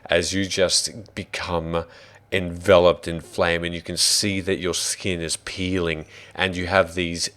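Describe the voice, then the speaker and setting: A man's voice: low-pitched, little pitch movement, measured pace, few pauses, fairly bright tone. A man with an Australian accent narrating a tabletop game as dungeon master, descriptive and given to hesitant fillers.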